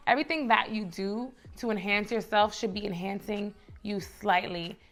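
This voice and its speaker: A woman's voice: medium pitch, a bit bright. A young woman from the Bronx with a New York accent, giving casual lifestyle advice in a chatty, emphatic way. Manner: chatty, emphatic, repeats phrases for rhythm. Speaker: lifestyle vlogger.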